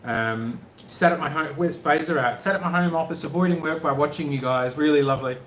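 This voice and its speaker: A man's voice: fairly high pitch, fairly quick, fairly bright tone, reverberant, slight background noise. Jokey man, live chat. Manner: chatty, jokey, rambling. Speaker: travel vlogger on a live stream.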